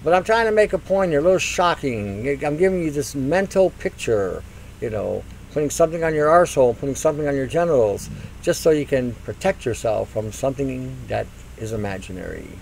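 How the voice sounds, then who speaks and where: A man's voice: medium pitch, animated, fairly quick, vocal fry, slight background noise, rough recording. An older man hosting a radio talk show, ranting in a mocking monologue and acting out silly voices. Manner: mocking, acts out silly voices, laughs at own jokes.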